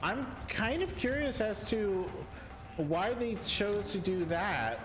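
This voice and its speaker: Young guy casting a game live, gets excited and trips on words, echoey room, noisy background. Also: high voice, slow pace. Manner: excitable, stumbles over words. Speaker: esports caster.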